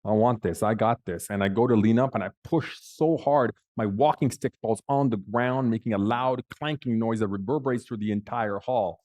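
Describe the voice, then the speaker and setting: A man's voice: lowish voice, normal speed, hardly any pauses, darkish tone. A man on a panel telling a personal story in a vivid, dramatic way with big swings in emphasis. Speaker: panel speaker.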